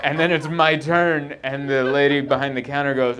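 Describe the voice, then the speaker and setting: A man's voice: medium pitch, flat delivery, fairly quick, a bit bright. A male stand-up comedian telling a long self-deprecating story on stage, acting out his own thoughts. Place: comedy club stage before a live audience. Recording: live show with clear audience laughter.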